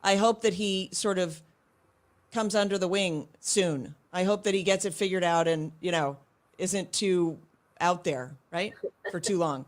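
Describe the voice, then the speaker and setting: A woman's voice: on the low side, unhurried. A middle-aged woman, a guest in an interview, speaking earnestly and reflectively about parenting, often restarting her sentences. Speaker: guest, homeschooling mother. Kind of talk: casual interview chat.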